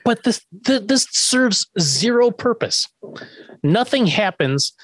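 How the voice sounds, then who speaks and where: Animated man in casual podcast chat. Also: sits high, takes it slowly, dry recording. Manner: animated, acts out lines from scenes. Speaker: podcast co-host recapping a TV episode.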